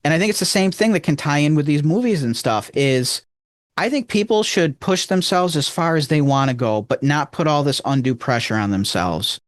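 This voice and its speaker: A man's voice: animated, moderate pace, dry recording, studio quality. Earnest rambling man with a Rochester accent. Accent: Rochester, New York. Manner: rambling, earnest, emphatic swings in pitch. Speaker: podcast co-host. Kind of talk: casual chat.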